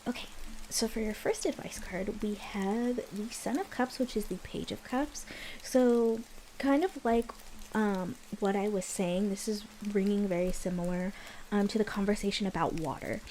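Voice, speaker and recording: A woman's voice: mid-range voice, moderate pace, warm tone, a little hiss or hum, rough recording. A young woman giving a casual tarot reading, explaining the cards in a chatty way. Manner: chatty, explaining as she goes. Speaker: tarot reader.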